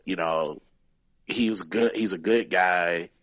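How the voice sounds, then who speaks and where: A man's voice: deep voice, slow, a bit bright, dry recording, dull audio. A man, a guest wrestler, telling stories casually in an interview, rambling with many fillers.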